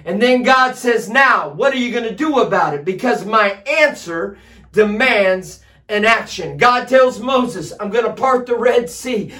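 A man pastor preaching a sermon, building to loud shouted emphasis on repeated lines. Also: sits high, lively intonation, a little slow, distant mic. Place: streamed service addressed to home viewers.

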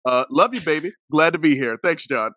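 A man's voice: a little high, animated, a little fast, sharp tone, dry recording, clean studio sound. A man on a podcast panel, joking and rambling with lots of fillers. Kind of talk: casual podcast chat.

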